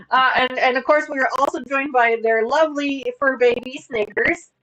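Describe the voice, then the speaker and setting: A woman's voice: high-pitched, a bit bright, dull audio. A woman in her thirties hosting a casual sewing livestream from home, chatty and upbeat as she explains her work. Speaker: livestream host.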